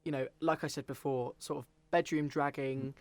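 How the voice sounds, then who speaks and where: A man hosting an interview, praising his guest in a soft, hesitant way with many fillers. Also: mid-range voice, little pitch movement, moderate pace, dry recording. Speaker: interviewer host. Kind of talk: casual interview chat.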